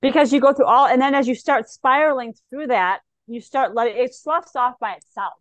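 A woman, a psychic medium, talking in an interview, animated and slipping into the voices of the people she describes. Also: high voice, normal speed, dry recording. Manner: animated, acts out clients' voices in quotes. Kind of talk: conversational interview talk.

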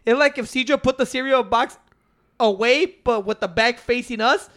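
A man's voice: very high-pitched, moderate pace, fairly bright tone. A man who tells stories and teases the others, laughing and swearing, in casual podcast banter at a microphone. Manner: teasing, laughing, swearing storyteller. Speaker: podcast co-host.

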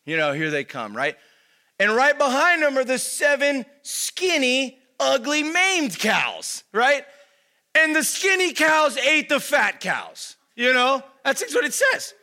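A young man with a high, bright voice teaches a congregation in a loose, chatty sermon. He fills his talk with "like" and "man" and keeps asking his listeners "right?" as he goes. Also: big pitch swings, unhurried. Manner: conversational, keeps asking "right?", lots of fillers. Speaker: pastor.

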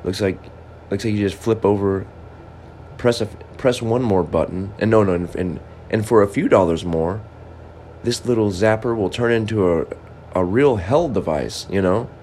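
A man's voice: on the low side, normal speed, darkish tone, slight background noise. A man and amateur comedian delivering a rambling, improvised monologue, musing aloud in stop-start bursts and scolding things around him.

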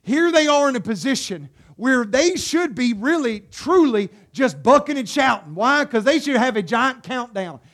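A man preaching a sermon. He asks the congregation rhetorical questions and calls out to them directly, dropping into soft, low passages and then rising into loud exhortation. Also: lively intonation, moderate pace, few pauses. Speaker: pastor.

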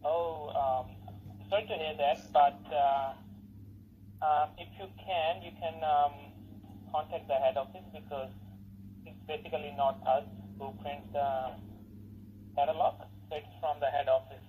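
A man's voice: a little high, steady tone, measured pace, phone-quality sound, a little hiss or hum. A man answering a customer call at a pharmacy, polite and patient. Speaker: pharmacy phone worker. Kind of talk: customer service phone call.

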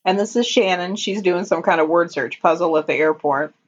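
A husky-voiced woman talks through a TV episode in a relaxed, chatty way. She laughs often and reads out the characters' lines in passing. The recording sounds dull and lo-fi. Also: fairly low pitch, a little fast. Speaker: podcast co-host recapping a TV episode. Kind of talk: casual recap chat.

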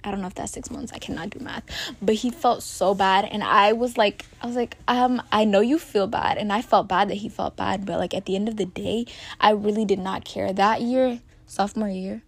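A woman's voice: mid-range voice, fairly even intonation, normal speed, slightly rough. A young woman in her teens casually telling a rambling personal story to camera, full of "like" and "literally". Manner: chatty, rambling, heavy use of "like" and "literally". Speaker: vlogger.

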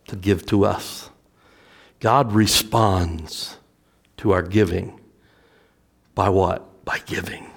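Male pastor, middle-aged, unhurried sermon delivery, swings loud to hushed. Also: mid-range voice. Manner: dramatic swings from loud emphatic preaching to hushed storytelling.

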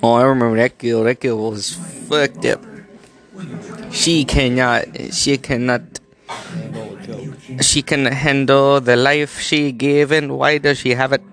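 A man's voice: medium pitch, fairly even intonation, slow, fairly bright tone. A young man co-hosting a podcast, crude and joking in casual chat. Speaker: podcast co-host.

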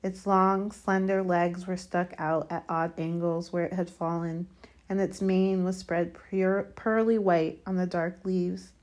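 A woman reading a children's fantasy chapter aloud as narrator, steady and measured. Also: lowish voice. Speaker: audiobook reader. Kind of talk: storybook narration.

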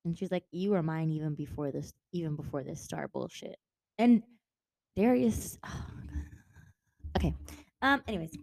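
Low-voiced woman gushing over a book. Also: moderate pace, vocal fry, pauses often, no room sound. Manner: animated, swears freely, acts out characters' lines. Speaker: podcast co-host. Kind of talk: casual book discussion.

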